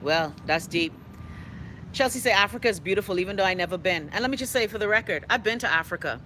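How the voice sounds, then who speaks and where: A middle-aged Bahamian woman hosts a live stream, reacting to viewer comments in a blunt, emphatic and profane way. Her voice is bright and forceful. Faint traffic noise sits in the background. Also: medium pitch, expressive, fast talker. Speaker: host.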